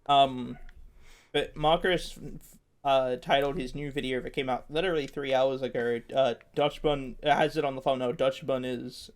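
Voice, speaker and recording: A man's voice: medium pitch, steady tone, normal speed. Podcast dude rambling, cussing, restarting his sentences a lot. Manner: rambling, swears, restarts often. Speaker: podcast co-host. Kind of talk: casual chat.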